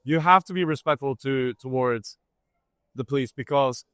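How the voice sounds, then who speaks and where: A man's voice: medium pitch, moderate pace, fairly bright tone, clear, resonant tone, no room sound. A man from Britain, a guest on a livestream, talking in a rambling, casual way and laughing as he goes.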